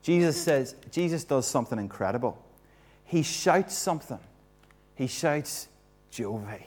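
A man's voice: fairly high pitch, animated, measured pace, darkish tone, faint music behind. A man preaching an all-age sermon in a church, acting out the story and quizzing the congregation.

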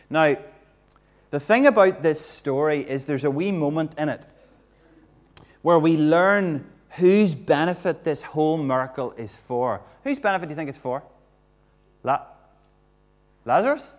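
A man's voice: on the high side, sing-song, unhurried, long pauses. A man preaching an all-age sermon in a church, acting out the story and quizzing the congregation.

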